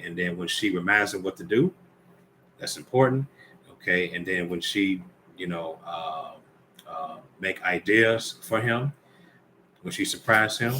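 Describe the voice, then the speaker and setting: A man's voice: sits low, pushed and bright, a little hiss or hum. A man giving informal Bible teaching, reading scripture aloud and commenting conversationally while speaking directly to the brothers and ladies listening.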